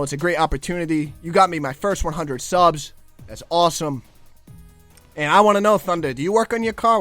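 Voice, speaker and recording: A man's voice: a little high, a bit bright, no room sound. A young man, a guest commentator, chatting casually over gameplay footage and stumbling over his words as he rambles.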